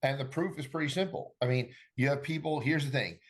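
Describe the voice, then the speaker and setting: A man's voice: fairly high pitch, fairly quick. A middle-aged man, a golf coach, chatting casually on a podcast and acting out conversations as he tells stories. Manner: animated storyteller acting out dialogue.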